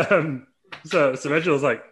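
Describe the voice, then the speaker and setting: A man's voice: fairly high pitch, a little slow, fairly bright tone. A man hosting a casual podcast chat, rambling and laughing through a made-up storyline with many fillers. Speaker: podcast host.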